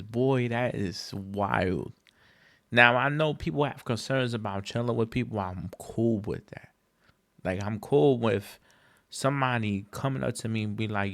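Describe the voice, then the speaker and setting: A man hosting a podcast in a casual solo monologue, with an emphatic, slangy, profane rant that jumps up in pitch when he gets exasperated. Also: measured pace. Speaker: podcast host.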